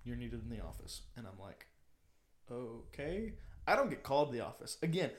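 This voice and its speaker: Young man telling a story, animated. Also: medium pitch, normal speed. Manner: animated, acts out quotes in different voices. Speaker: podcast co-host. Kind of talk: casual storytelling chat.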